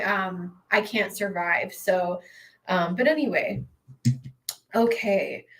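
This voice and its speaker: A woman's voice: mid-range voice, slow pace, bright, forceful tone, poor audio. Young woman, live tarot host; casual, emotional, meandering delivery with frequent restarts. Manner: emotional, rambling, with many fillers and restarts. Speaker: tarot reader hosting a live stream. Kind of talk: casual live-stream chat.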